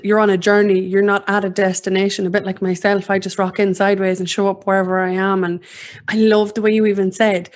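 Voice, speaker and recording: A woman hosting a casual interview, speaking thoughtfully with frequent pauses and fillers. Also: mid-range voice. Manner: slow, thoughtful, with many fillers. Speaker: host.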